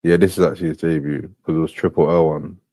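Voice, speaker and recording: A man's voice: rumbling low, flat delivery, fast, warm tone, no echo. A man hosting a live stream, muttering asides to himself as he plays clips. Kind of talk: casual live-stream chat.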